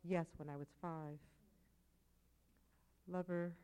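A woman poet giving a live reading of her own work, with measured delivery and quiet, dropped asides. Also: on the low side, fairly even intonation, clear, resonant tone, rough recording. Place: poetry venue with audience.

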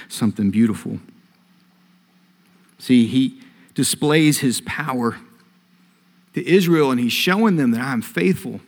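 A male pastor preaching a sermon, telling a story earnestly and swelling louder on key phrases. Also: mid-range voice. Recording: long hall reverb.

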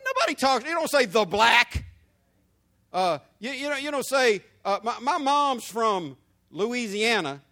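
High-voiced preaching pastor, man. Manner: preaching with shouted peaks and rhetorical questions. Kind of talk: sermon.

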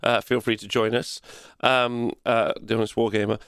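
A man's voice: mid-range voice, level tone, normal speed, fairly bright tone, clean tone, no room sound. A man with a Nottinghamshire accent hosting a casual live-streamed chat show, loose and jokey, full of fillers. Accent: Nottinghamshire English. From England. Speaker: podcast host.

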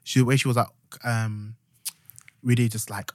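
A young Yorkshire co-host speaks at a moderate pace in a flat, medium-pitched, slightly mellow voice, recorded dry with clean studio sound. In casual podcast chat he rambles, using lots of fillers and starting over as he recounts stories.

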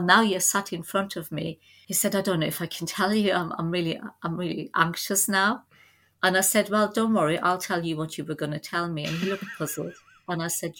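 A middle-aged woman telling family stories as a podcast guest, in a lively anecdotal way. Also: on the low side. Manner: lively anecdotal storytelling with laughs. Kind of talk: storytelling in a podcast interview.

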